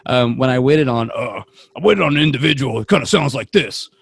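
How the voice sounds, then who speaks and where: A man's voice: mid-range voice, expressive, fairly quick, vocal fry, breathy edge, dry recording. A young man, co-host of a podcast, telling rambling stories in casual chat and acting out the voices of people he quotes. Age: young adult.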